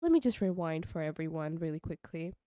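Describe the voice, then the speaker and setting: A woman's voice: low-pitched, animated, fairly quick, mellow, no echo, studio quality. A woman giving casual, chatty gameplay commentary, gushing and giggling as she goes. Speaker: let's play creator.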